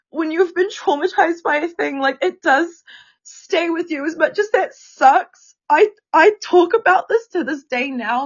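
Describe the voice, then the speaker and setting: A woman in her late twenties co-hosting a podcast, crying as she talks, apologetic and halting with many restarts. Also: very high-pitched. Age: 20s. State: crying while talking. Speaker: podcast co-host. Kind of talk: casual candid podcast chat. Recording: dull lo-fi sound.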